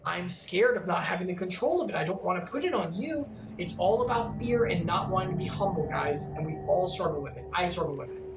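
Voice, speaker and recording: A woman's voice: on the low side, animated, brisk, hardly any pauses, echoey room, background noise. A woman streaming a video game, chatting earnestly and animatedly in bursts. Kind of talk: casual chat over gameplay.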